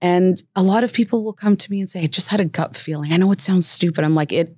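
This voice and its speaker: A woman's voice: lowish voice, fast, dark tone, breathy edge, dry recording, clean studio sound. A middle-aged woman guest talking earnestly and encouragingly in a casual podcast chat. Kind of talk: casual conversation.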